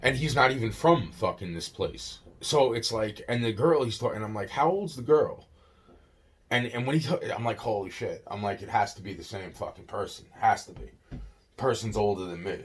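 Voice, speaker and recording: A man's voice: fairly low pitch, moderate pace, breathy edge. A young man rambling on in a casual monologue, swearing often, yawning and tired. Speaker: vlogger.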